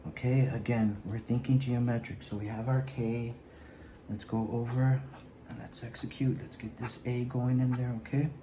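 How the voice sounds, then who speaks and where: Dark-voiced man teaching art. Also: medium pitch, reverberant, a little hiss or hum, poor audio. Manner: encouraging, repeats "okay?" and "guys"; talks while drawing, often drops to a mumble. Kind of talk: recorded drawing lesson.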